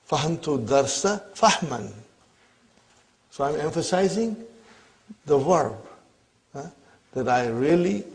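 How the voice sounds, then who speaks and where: A man's voice: on the high side, vocal fry, a little mellow. A man teaching an Arabic grammar lesson. He explains step by step, repeats his questions and often checks "are you with me?".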